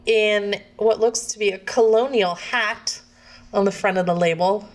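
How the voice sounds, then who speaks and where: A woman's voice: medium pitch, steady tone, measured pace. A woman co-hosting a casual beer podcast, introducing the beers and laughing along. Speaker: podcast co-host. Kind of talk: casual chat.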